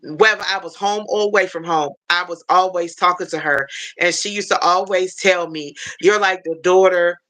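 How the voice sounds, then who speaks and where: This livestream host's voice sits lowish and sounds pushed and bright, moving at a normal speed. She talks casually and rambles, often starting sentences over, with heartfelt, visible emotion.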